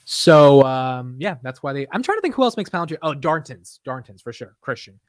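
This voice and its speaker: A man's voice: fairly high pitch, very animated, fairly quick, no room sound, clean studio sound. A young man hosting a casual late-night livestream, chatting in laid-back slangy banter and laughing often. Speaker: livestream host.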